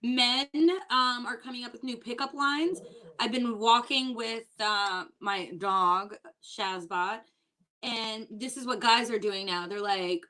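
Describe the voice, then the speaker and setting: Performing stand-up from home for an online show, a woman with a fairly high voice speaks at a measured pace, her tone pushed and bright. She chats through exasperated stories, quoting what people said in their voices.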